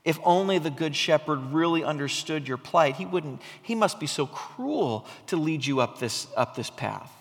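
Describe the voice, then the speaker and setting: A sly, wheedling tempter spirit, as a man puts it on, murmuring low and soft. It has a gravelly edge, and its taunts ring out in a long hall reverb. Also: lively intonation, normal speed, few pauses. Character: wheedling tempter spirit, self-pity and fear.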